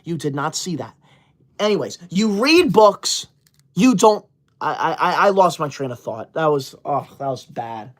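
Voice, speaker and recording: A woman hosting a casual livestream, reading super chats aloud and scolding viewers in a bossy, indignant way, breaking into sudden shouted outbursts. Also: deep voice, animated, measured pace. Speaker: livestream host.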